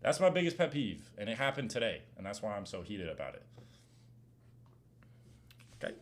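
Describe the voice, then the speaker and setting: Young male streamer, casual slangy Q&A voice, animated rants. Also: lowish voice, normal speed, slight background noise. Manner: animated slang-heavy rant, gets loud when heated. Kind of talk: casual Q&A chat.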